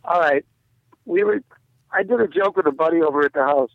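A man's voice: fairly high pitch, fairly quick, dry recording. A man, a comedian guest, telling a joke over a phone line and acting out its voices. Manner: animated storyteller who acts out the voices in his joke.

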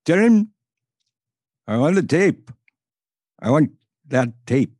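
A man's voice: a little high, very animated, slow, a little mellow, husky, dry recording, studio quality, pitched above the performer's own voice, full character voice. A man voicing a commanding foreign dictator on the phone, speaking in clipped, broken phrases. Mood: insistent.

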